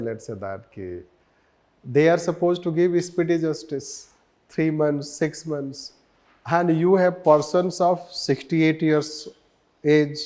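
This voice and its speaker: A man's voice: a little high, mellow. A man with an Indian English accent giving a lecture, often repeating phrases and switching into Hindi, with wry sarcastic asides. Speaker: teacher.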